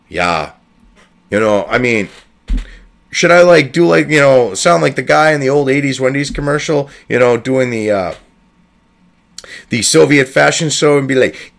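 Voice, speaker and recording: This man's voice is fairly high and creaky. He hosts a political commentary video in which he reads out an article, breaking in with exasperated, sarcastic, and profane asides.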